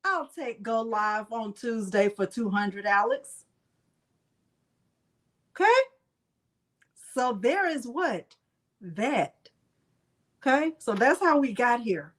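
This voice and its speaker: A high-pitched woman runs a casual crafting livestream. She talks in a chatty, playful way and greets her viewers one by one. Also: very animated, takes it slowly, long pauses, a bit bright.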